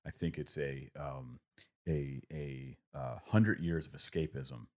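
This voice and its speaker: Man, 30s, extremely low voice, reflective storyteller with lots of ums. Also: slow. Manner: reflective, rambling storytelling with many fillers. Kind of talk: casual conversation.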